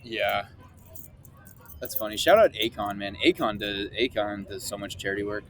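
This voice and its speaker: A young man co-hosting a casual chat outdoors, making quick jokes and apologizing for his own bad impressions. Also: on the low side, a bit bright, slight background noise. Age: young adult. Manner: quick joking asides and self-correcting apologies. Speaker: podcast co-host. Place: outdoor park basketball courts.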